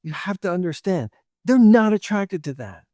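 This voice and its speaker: A man with a fairly high voice hosts a dating advice talk, lecturing bluntly straight at the listener. He drops short laughs between points and slips into quoted voices of women. The sound is dry and close, with no room around it. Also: lively intonation, normal speed, darkish tone, dry recording. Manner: blunt, lectures directly, acts out women's lines. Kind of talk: opinionated monologue to camera.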